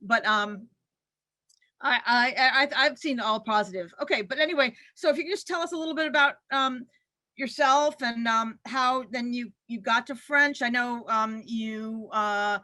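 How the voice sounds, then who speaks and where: A woman hosts a talk and puts questions to her guest, pausing often and filling gaps with small sounds. Her voice is fairly high and bright, recorded close and dry. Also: no room sound. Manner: warm, halting, many fillers. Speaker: event host and professor. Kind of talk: moderating an interview.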